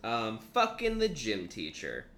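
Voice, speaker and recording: A young man co-hosting a casual podcast. He rambles and jokes, swearing freely, with a lively, bright voice. It sounds like an echoey room with a faint hiss. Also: on the low side, measured pace. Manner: rambling, joking, swears a lot. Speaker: podcast co-host. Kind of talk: casual chat.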